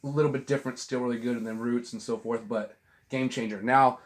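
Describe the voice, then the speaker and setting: A man's voice: mid-range voice, fairly even intonation, fast. A middle-aged man hosting a vinyl channel, chatting casually from home about albums, rambling, swearing often and restarting his sentences. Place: at home with a dog. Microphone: camera on a tripod.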